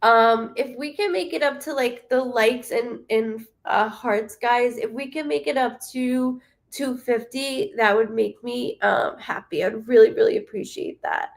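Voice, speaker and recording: A woman hosting a live psychic reading from a warm room with the window open, talking to her viewers in a chatty, rambling way. She is animated and full of fillers and asides. Her voice sits a little higher than most women's. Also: a little slow, gravelly. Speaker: psychic medium host.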